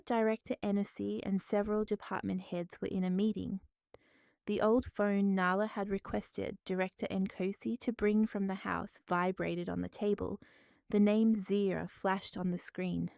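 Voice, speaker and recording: A woman tells a scripted family drama with steady, dramatic delivery. Her voice is mellow and smooth, and the recording is close and dry. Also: medium pitch, dry recording. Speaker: narrator. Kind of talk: scripted story narration.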